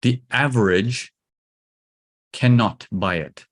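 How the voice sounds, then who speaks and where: A man's voice: medium pitch, takes it slowly. A man teaching trading to a live audience, emphatic and repetitive, coaxing his listeners along. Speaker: trading instructor.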